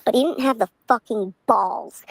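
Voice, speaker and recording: A woman's voice: on the high side, moderate pace, gravelly, no echo, poor audio. A woman ranting on a live stream from the back seat of a car, profane and fuming, laughing between lines. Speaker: livestreamer.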